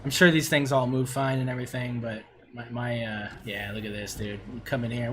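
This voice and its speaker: A man's voice: medium pitch, animated, normal speed, a little hiss or hum. A middle-aged man on a casual livestream, gushing and swearing as he reviews player builds.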